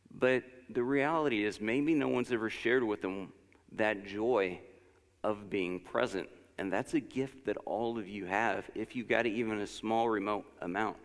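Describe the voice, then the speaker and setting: A man delivers a relaxed, conversational church lesson with a low, gravelly voice. He talks informally, drifting into personal stories and encouraging asides. A long reverb from the sanctuary hangs behind his words. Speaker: lesson speaker at a church service. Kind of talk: conversational sermon.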